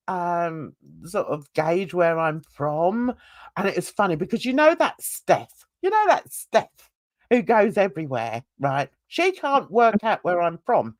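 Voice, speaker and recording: A woman's voice: lowish voice, no echo, clean studio sound. A woman with a mild London and Essex accent, hosting a rambling, casual chat and laughing often. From England. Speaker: channel host.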